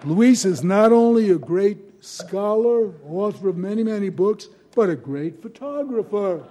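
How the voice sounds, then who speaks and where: Older male panelist, high mellow voice, careful storytelling delivery. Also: lively intonation, a little slow, a faint crowd. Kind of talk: anecdotal conference talk.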